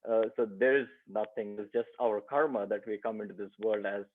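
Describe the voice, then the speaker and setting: Low-voiced man on a tinny phone line. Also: steady tone. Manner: hesitant, many "uh" pauses. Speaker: class participant. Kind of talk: casual sharing.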